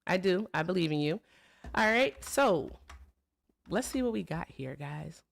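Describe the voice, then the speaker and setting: A woman with a lowish, gravelly voice and lively intonation hosts a live political call-in stream at a measured pace. She's chatty and upbeat, greeting viewers and callers and saying "y'all" in casual livestream chat.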